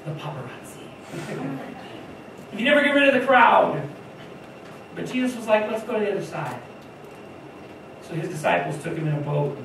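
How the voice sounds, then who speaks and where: Animated woman preaching in an echoey hall. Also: mid-range voice, normal speed, vocal fry, pauses often. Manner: animated storytelling, acting out voices of the disciples. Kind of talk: sermon. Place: church hall. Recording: echoey room from far off, faint noise.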